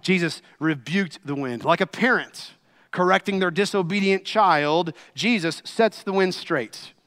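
A man preaching a sermon, impassioned, swinging between loud pleading and hushed quiet. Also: high voice, unhurried.

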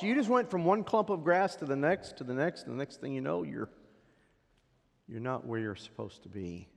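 A man preaching a sermon as a pastor, swinging from loud emphatic peaks down to hushed, quiet drops. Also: mid-range voice. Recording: long hall reverb.

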